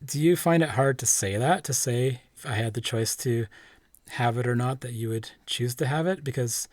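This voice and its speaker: A man's voice: medium pitch, normal speed, no room sound. A man from Canada hosting a podcast, asking earnest, conversational questions. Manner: earnest, laughs easily, conversational. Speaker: podcast host. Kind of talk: casual interview questions.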